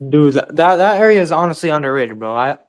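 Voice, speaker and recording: A man's voice: a little high, animated, fast talker. A man in casual chat, easygoing and slangy, tossing in "bro" often.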